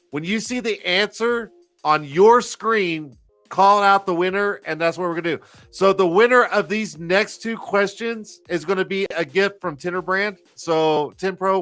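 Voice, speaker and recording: A man's voice: high voice, measured pace, a bit bright, faint music behind. A man in his forties hosting a live stream, rambling and swearing freely in casual chat. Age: 40s. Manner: profane, rambling, self-mocking. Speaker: host.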